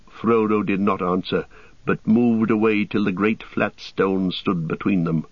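A man reads the story in a measured, dramatic narration. His voice sits low. The studio recording is dry, with a slightly muffled, dull top end. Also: fairly even intonation, no echo. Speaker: audiobook narrator. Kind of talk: scripted narration.

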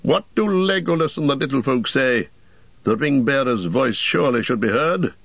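A man voicing a proud, stubborn male warrior in a storybook reading, firm and deliberate. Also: mid-range voice, animated, vocal fry, breathy edge, no echo, voice pushed up. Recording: dull dry audiobook recording.

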